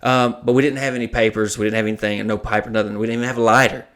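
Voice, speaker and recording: A podcast host with a lowish voice talks rapid-fire as he tells a long story in casual chat. He swears freely, stays animated, and acts out the dialogue of the people he quotes.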